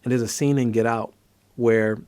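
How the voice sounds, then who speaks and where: A man's voice: mid-range voice, normal speed, no echo. A man, a psychiatrist, explaining a treatment in casual conversational talk and telling stories from his practice. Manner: conversational, storytelling, animated when acting out scenes. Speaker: psychiatrist host.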